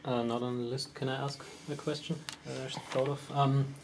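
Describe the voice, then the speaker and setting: A man's voice: medium pitch, level tone, normal speed, gravelly. A man in the audience asking a question in a hesitant, tentative way. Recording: distant mic with faint background hiss.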